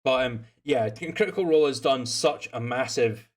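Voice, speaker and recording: A young Scottish man, the game master and host of a tabletop game stream, chats casually after the session. He speaks at normal speed in a medium-pitched voice, rambling with plenty of fillers and restarts.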